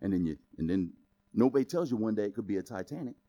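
A man preaching a sermon as pastor, in a casual, conversational way that builds up to loud exclamations. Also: on the low side, lively intonation, fast, no echo, dull audio.

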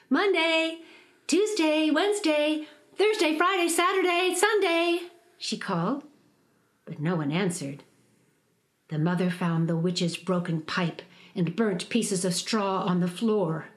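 A woman reads a children's storybook aloud at an unhurried pace. Her voice rises and falls in a lively, sing-song way, lingering over lists and repeated phrases. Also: on the low side. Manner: expressive, sing-song listing. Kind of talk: reading a children's picture book aloud.

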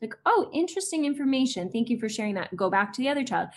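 A woman's voice: on the high side, very animated, quick pace. Chatty woman in her forties. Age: 40s. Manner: chatty, many fillers, acts out quoted voices. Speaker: guest, educator. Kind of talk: casual interview chat.

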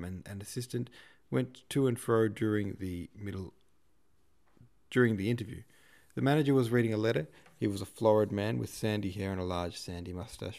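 A man hosting a podcast, reading a classic novel aloud in a steady, measured way. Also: on the low side, vocal fry. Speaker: podcast host and reader.

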